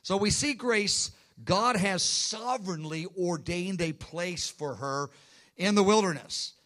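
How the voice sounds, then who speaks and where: A man's voice: high-pitched, takes it slowly, fairly bright tone. A man preaching a sermon with earnest emphasis, often restarting phrases and acting out quotes. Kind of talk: sermon teaching.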